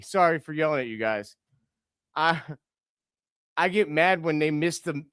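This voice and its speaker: On this live reaction stream, an excitable young man calls basketball plays, scolds players aloud, and often corrects himself mid-thought. His voice is on the high side, clear and resonant, recorded with no room sound.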